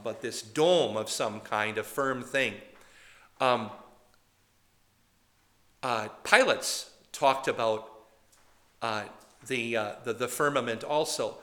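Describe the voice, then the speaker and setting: A man's voice: medium pitch, bright, forceful tone. A man preaching a conversational sermon, chatty and digressive, often asking the congregation questions.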